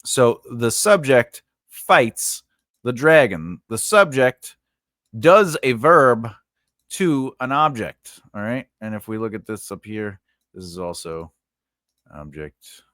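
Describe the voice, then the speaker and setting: An animated but unhurried writing teacher, medium in pitch with a fairly bright tone, gives a loose lesson on invented-language grammar. He rambles, self-corrects, and keeps checking in with "right?". Studio quality with no room sound.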